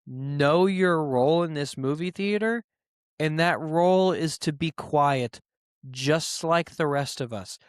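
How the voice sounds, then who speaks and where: A man's voice: a little high, slow, clean tone, no echo, clean studio sound. A man hosting his own podcast, ranting comically and profanely about a rude moviegoer, mocking people in quoted voices. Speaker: podcast host. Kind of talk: solo comedic rant.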